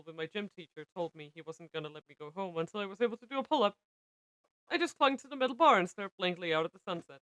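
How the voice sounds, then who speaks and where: A young woman streaming, reading a visual novel aloud with expressive narration. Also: mid-range voice, no echo, poor audio. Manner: expressive narration, breaks into laughter.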